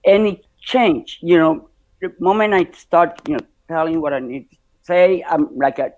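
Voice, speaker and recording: A man, a drag performer, chatting in an interview in a halting, soft-spoken way. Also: fairly high pitch, rough recording. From Cuba. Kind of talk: casual interview chat.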